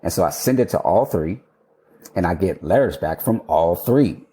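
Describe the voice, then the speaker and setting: Male guest, 30s, deep warm voice, casual storyteller, laughs often, swears casually. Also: lively intonation, normal speed. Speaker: architect guest.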